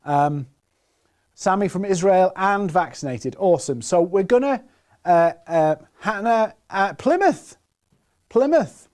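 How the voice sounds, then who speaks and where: A northern English man opens a live online sales webinar from a home set-up in Plymouth, chatting and reading out viewers' names and where they're from. His voice is high-pitched with a darkish tone.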